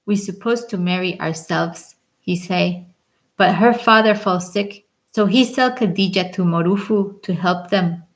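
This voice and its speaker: A woman reading a novel aloud, softly voicing the characters in turn. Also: lowish voice, a little slow, rough recording. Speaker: audiobook reader.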